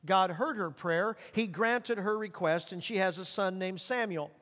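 A man with a high, light voice delivers an earnest sermon, slowing down when he reads scripture aloud. His words ring out with a long reverb through a church sanctuary. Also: fairly bright tone. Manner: earnest, slows for scripture and repeats for emphasis. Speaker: pastor.

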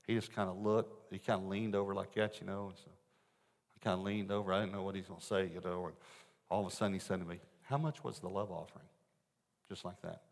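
Male preacher, lowish voice, animated storytelling, long hall reverb. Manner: animated, swings from loud to hushed. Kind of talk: storytelling sermon. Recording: echoey hall.

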